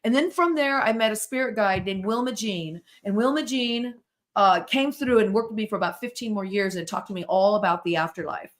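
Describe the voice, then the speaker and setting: An American woman in her sixties, a podcast guest who tells stories in an animated way and acts out the voices and sounds in them. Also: mid-range voice, brisk. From United States. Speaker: guest, spirit-board author and therapist. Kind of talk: storytelling in a podcast interview.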